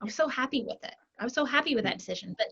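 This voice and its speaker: A woman coach speaks in an interview with a bright, forceful tone and a voice pitched a touch high. She is animated, works through examples aloud and keeps checking in with her listener with little tag questions. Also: rapid-fire, gravelly, breathy edge, lo-fi sound. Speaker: life coach and author, podcast guest. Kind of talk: conversational interview.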